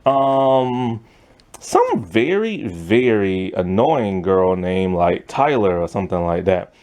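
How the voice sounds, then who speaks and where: Lively, rambling male movie ranter. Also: lowish voice, slow pace. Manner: rambling, loose and exasperated, full of filler words. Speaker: movie reviewer. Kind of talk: casual ranting movie review.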